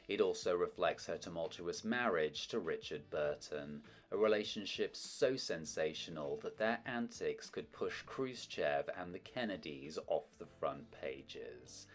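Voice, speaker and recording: A man hosting a film history video, reading a script with wry, opinionated asides. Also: low voice. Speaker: host of a film history channel.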